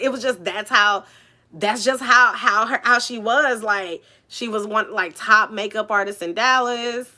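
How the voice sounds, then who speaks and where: A woman's voice: on the high side, unhurried, bright, forceful tone. A woman telling a personal story in a casual vlog, chatty and candid, full of "like" and "you know".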